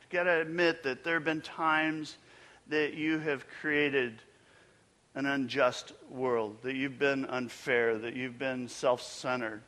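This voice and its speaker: Slow, bright-voiced male preacher in a hall. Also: medium pitch, level tone. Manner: emphatic preaching, rising to loud peaks and dropping to a near whisper. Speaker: pastor. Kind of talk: sermon.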